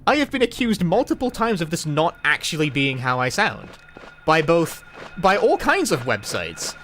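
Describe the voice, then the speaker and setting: A speedrunner streamer from London, with a London English accent, chats casually while playing a game live, rambling, wry and swearing now and then. His voice is a little high, pushed and bright, with huge pitch swings at a moderate pace. There is slight background noise.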